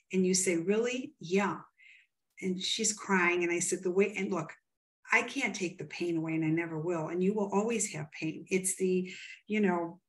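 A woman from the United States, a psychic medium, retelling a client conversation with emphatic, quoted dialogue in an interview. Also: on the low side. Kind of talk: animated storytelling in an interview.

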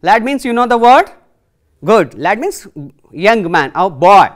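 Female teacher, TV classroom lesson, lively questioning delivery. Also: fairly high pitch, moderate pace. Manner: explains words and asks students questions, switching between English and Kannada. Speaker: English teacher.

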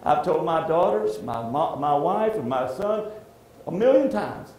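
A middle-aged man preaching a sermon as pastor, heartfelt and halting, often restarting his sentences. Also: a little high, animated, darkish tone. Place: church sanctuary. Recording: echoey church room.

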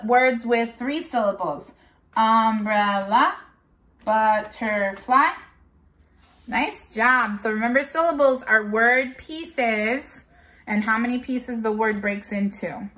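Woman teacher, bright higher voice, unhurried and patient, repeats words for young learners. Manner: slow, clear, drawn-out classroom delivery; switches into Spanish for the date. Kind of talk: online class lesson.

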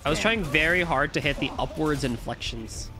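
A man's voice: fairly high pitch, lively intonation, normal speed, over music. A man streaming a zombie shooter with friends, chatting playfully and telling stories. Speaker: gaming streamer. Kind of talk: casual gameplay chat.

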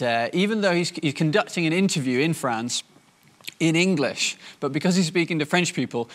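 A man giving a sermon in a conversational way, pausing often with fillers and restarting his sentences. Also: a little high, a bit bright. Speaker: preacher.

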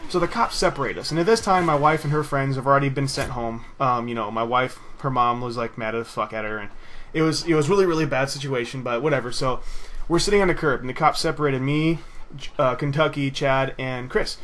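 A man's voice: medium pitch, fairly quick, fairly bright tone, a little hiss or hum. A young man casually telling a rambling story over gameplay, swearing freely and laughing at his own tale. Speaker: gaming video host.

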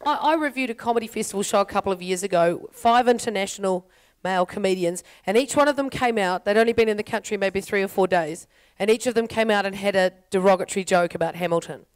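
A woman's voice: mid-range voice, expressive, fairly quick. A New Zealand woman hosting a comic panel on stage, chatty and full of jokey asides. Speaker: panel host. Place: lecture stage before audience.

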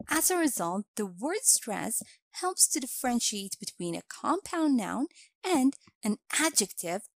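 Slow, lively-voiced woman teaching grammar. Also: fairly high pitch, dry recording. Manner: slow, clear instructional delivery. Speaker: English teacher. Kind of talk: scripted grammar lesson narration.

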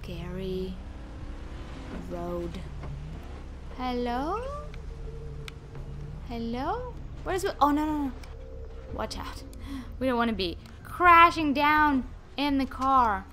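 A woman's voice: sits high, big pitch swings, slow, long pauses, background noise. A woman hosting a gaming video, chatting casually and talking to the game's characters as she plays. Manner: chatty, talks to game characters. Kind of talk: let's play commentary.

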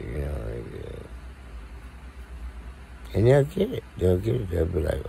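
Deep gravelly man, blunt and profane. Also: big pitch swings, unhurried, pauses often, dark tone, a little hiss or hum. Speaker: podcast co-host. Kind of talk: casual monologue to viewers.

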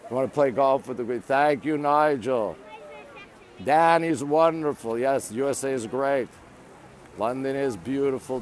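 A faint hiss or hum sits under this Canadian man's mid-range voice as he streams live from a handheld phone. He's on monument steps in a bustling city, greeting his viewers and reading their comments aloud in a chatty manner.

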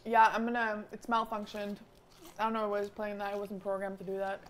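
A woman's voice: medium pitch, monotone, brisk. A woman streamer chatting bluntly and swearing freely over dinner at home, with dishes clinking. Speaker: streamer co-host. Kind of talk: casual dinner chat on stream.

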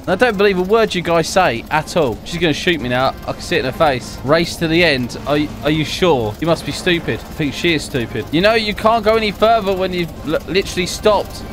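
Young male gaming host, jokey and excitable, lively high-ish delivery. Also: fairly quick, hardly any pauses, faint music behind. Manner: excitable, jokey, laughs often. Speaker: gaming YouTuber. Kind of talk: live gameplay commentary.

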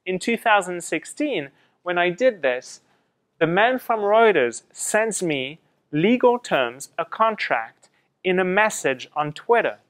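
A middle-aged man from France gives a lively classroom talk, turning to his students with questions. His voice is fairly high and smooth, and it comes through a slightly fuzzy mic. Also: slow. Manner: lively storytelling, quotes others in acted asides. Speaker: guest speaker presenting to students.

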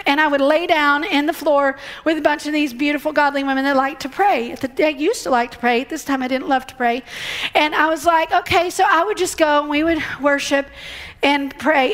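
Woman preacher, middle-aged, very high voice, chatty storytelling sermon. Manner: animated, conversational storytelling with acted-out quotes. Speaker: guest speaker.

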